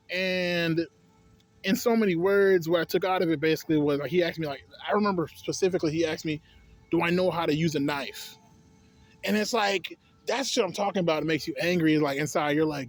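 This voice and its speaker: A young man rants in a loose, storytelling way. His voice sits a little higher than most men's. He swears freely, sounds exasperated, and laughs between his complaints. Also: no echo. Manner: profane, exasperated, laughing asides. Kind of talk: casual storytelling rant.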